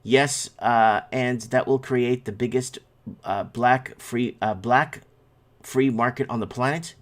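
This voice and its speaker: A man's voice: mid-range voice, slow pace. Rambling male live-stream host. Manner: rambling, reacts to chat comments. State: yawning, sleepy. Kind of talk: casual live-stream commentary.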